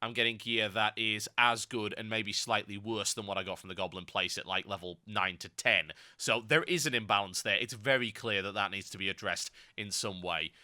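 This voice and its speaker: A hoarse man with a cold, slightly nasal, talking through gameplay commentary. His voice is very bright and cutting, and he drifts into sarcastic little rants. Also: lowish voice. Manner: ranty, sarcastic asides. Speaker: game commentator.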